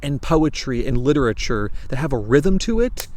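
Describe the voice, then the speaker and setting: A young American man with an American accent, talking casually to camera about a book he enjoyed, animated and rambling with restarts. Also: medium pitch, moderate pace, slight background noise. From United States. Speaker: book reviewer.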